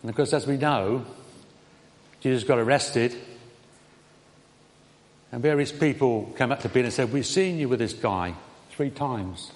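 Male preacher, mid-pitched, conversational sermon delivery, long hall reverb. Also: a little slow, pauses often. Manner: conversational, rising on questions and quotes, dropping soft on tender lines.

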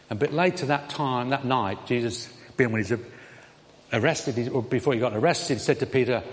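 A man preaching a sermon in a conversational way, with his voice lifting on questions and dropping soft on tender lines. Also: medium pitch, moderate pace. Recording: reverberant hall.

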